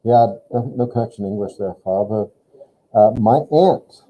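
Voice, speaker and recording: A man's voice: medium pitch, brisk, dark tone. A man teaching a German lesson, patiently explaining grammar step by step and prompting a student. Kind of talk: online language lesson. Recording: tinny phone-like line.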